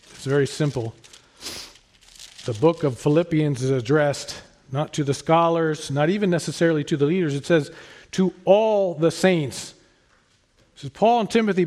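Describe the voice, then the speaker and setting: A man preaching a sermon in an earnest, emphatic way, rising to stress his points and then dropping soft. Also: fairly high pitch. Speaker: pastor.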